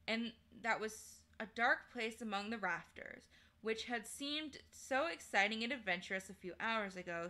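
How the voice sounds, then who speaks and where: A woman streamer reading a children's novel aloud in a measured, unhurried way. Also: fairly high pitch, sharp tone. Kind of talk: storybook read-aloud.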